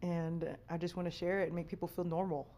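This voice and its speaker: A woman's voice: on the low side, flat delivery, fast talker, mellow. A woman hosts a podcast in loose, casual chat. She talks candidly and swears freely. Laughter often slips into her speech. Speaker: podcast host.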